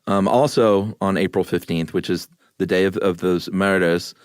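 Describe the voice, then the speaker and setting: A man co-hosting a podcast, telling the story in a relaxed way with a few fillers. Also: low-pitched, moderate pace, smooth, no room sound, studio quality. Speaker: podcast co-host. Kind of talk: casual chat.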